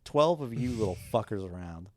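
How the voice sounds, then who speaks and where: A man's voice: fairly low pitch, expressive, normal speed, no echo, studio quality. A man co-hosting a podcast in casual chat, telling rambling, crude stories full of "like" and laughter. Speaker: podcast co-host.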